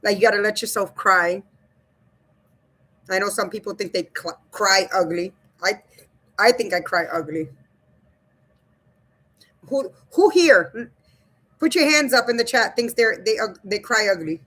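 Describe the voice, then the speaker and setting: Woman streamer, mid-pitched, frank and loose, chats with viewers and reads comments aloud. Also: moderate pace, sharp tone. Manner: blunt, swears casually, laughs often. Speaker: livestream host. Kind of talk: casual livestream chat about grief.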